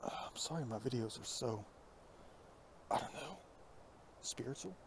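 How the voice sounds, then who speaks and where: Hushed, half-whispering man outdoors. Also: medium pitch, lively intonation, normal speed, creaky, noisy background. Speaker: vlogger. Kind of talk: musing outdoor vlog. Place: outdoors on a foggy hillside. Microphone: iPhone with plugged-in headset.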